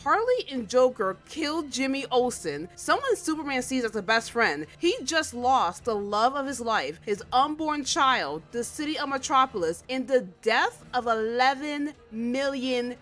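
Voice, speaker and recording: Woman video essay host, sassy, slangy, lively, fairly high voice. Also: a little slow, hardly any pauses, soft background music. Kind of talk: casual comedic commentary.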